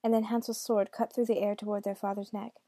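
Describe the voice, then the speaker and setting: A woman reading a dark fairy tale aloud in a hushed, intimate way, often dropping close to a whisper. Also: medium pitch, flat delivery, fast talker, no echo. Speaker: storyteller. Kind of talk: storybook reading.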